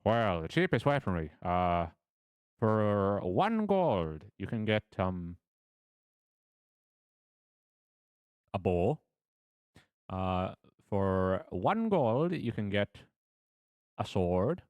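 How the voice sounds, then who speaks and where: A man voicing a cheerful male weapon vendor in an exaggerated mock-Irish lilt, loud and bouncy. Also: fairly low pitch, sing-song, moderate pace, hardly any pauses, smooth, dry recording. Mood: salesy. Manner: over-the-top stage-Irish phrasing, loud and bouncy.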